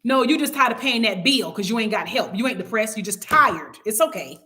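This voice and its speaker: A woman's voice: a little high, lively intonation, brisk, sharp tone. Woman teaching a casual Bible study. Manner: conversational, preachy, acts out little quoted scenes.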